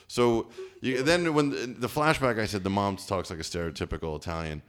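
A man's voice: on the low side, animated, a little fast, fairly bright tone. A man from New Jersey chatting casually on a podcast, joking and rambling, often tripping over his words. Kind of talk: casual chat.

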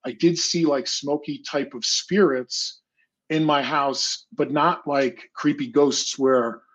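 A man's voice: fairly high pitch, steady tone, takes it slowly, fairly bright tone. A man casually telling a personal story in an interview, full of fillers like "like" and "you know," sometimes acting out his past self.

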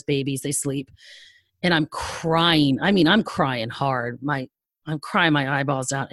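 A middle-aged woman speaks as a podcast guest, slightly low-pitched and recorded dry and close. She tells her story in a lively, laughing way and acts out what others said. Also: dry recording. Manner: animated, laughing storyteller who acts out quoted dialogue. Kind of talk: storytelling in a conversational interview.

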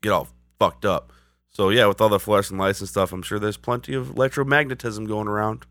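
A man co-hosting a podcast, chatting and speculating about a TV episode in a relaxed way. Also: lowish voice, brisk, no echo. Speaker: podcast co-host. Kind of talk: casual episode discussion.

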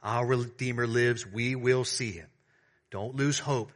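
Bright-voiced preacher swinging loud to hushed. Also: male voice, medium pitch, fairly even intonation, a little slow. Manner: addresses the congregation as beloved. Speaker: pastor. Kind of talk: sermon.

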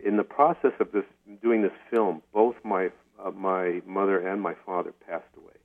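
A lower-pitched man comes through a thin, phone-like line, the sound narrow and tinny. He tells stories as an interview guest with animated energy. He stumbles and repeats words as he speeds into his point. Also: normal speed. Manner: animated storyteller, repeats words when excited. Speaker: podcast guest, documentary filmmaker. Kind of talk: casual interview talk.

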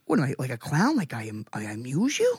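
A man's voice: medium pitch, wildly swooping pitch, brisk, darkish tone, slightly rough, heavily acted. An actor playing a touchy, hotheaded young male mobster, talking in a brash, mock-menacing way in an improvised musical comedy.

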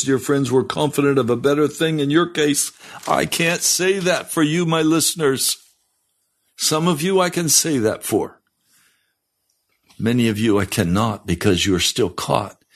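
A male pastor preaching a broadcast sermon, fiery and reading scripture aloud, rising in pitch on pointed questions. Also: normal speed. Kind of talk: radio sermon.

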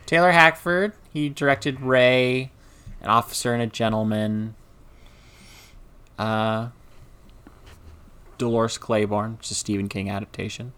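A man co-hosting a casual film discussion, chatty and quick to laugh. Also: medium pitch, a bit bright, clean tone. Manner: chatty, laughs often, acts out quotes. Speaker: podcast co-host.

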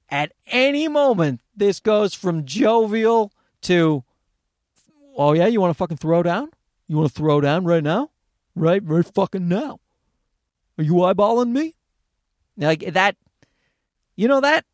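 A man hosts his own podcast with a high voice that swings up and down. He rambles through profane, self-mocking stories and restarts his sentences often. The sound is dry and close. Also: no room sound. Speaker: podcast host. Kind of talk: casual solo podcast monologue.

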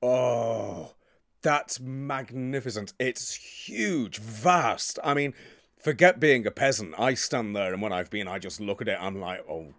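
A man from the United Kingdom talks in a relaxed, rambling way, gathering momentum as one story leads into the next. He sits at a middle pitch, and the recording is dry and close with no room around him. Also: unhurried, no room sound. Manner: enthusiastic, digressive storyteller. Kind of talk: casual chat.

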